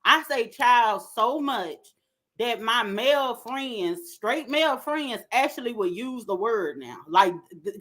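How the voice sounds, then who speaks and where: A woman giving an animated, opinionated commentary rant with lots of slang. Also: on the high side. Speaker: commentary vlogger.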